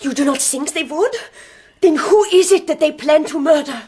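An actress playing a frightened young foreign housemaid who speaks broken English, near tears, in a radio drama. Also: female voice, high-pitched, moderate pace, a little mellow, lightly acted. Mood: panicky, tearful. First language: not English. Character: panicky young foreign maid, excitable and tearful.

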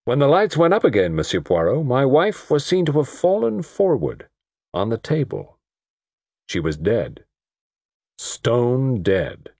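A brooding, determined middle-aged man, as the narrator plays him in an audiobook. He speaks with intense emphasis, his pitch rising and falling a lot. The sound is close and dry. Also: huge pitch swings, a little slow, creaky, darkish tone, dry recording, full character voice.

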